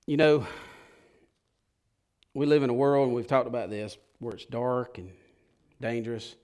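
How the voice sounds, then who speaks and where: A man preaching a sermon as pastor, folksy and impassioned, swinging from hushed lines to loud ones. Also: mid-range voice, a little slow.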